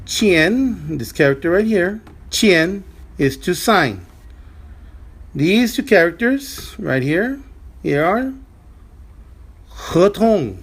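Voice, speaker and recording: A man teaching a language lesson, speaking slowly and repeating words, with frequent restarts. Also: high voice, animated, fairly bright tone, slightly rough. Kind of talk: slow spoken language lesson.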